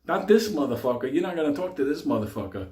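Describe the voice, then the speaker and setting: A man voicing his older streetwise friend, who talks in a low, laid-back, reassuring drawl. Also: sing-song, quick pace, a little mellow, echoey room. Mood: calm reassuring.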